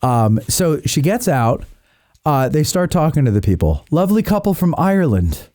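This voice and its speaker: A man hosting a podcast in casual chat, a lively storyteller who laughs often. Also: fairly high pitch, normal speed, no echo, studio quality. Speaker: podcast host.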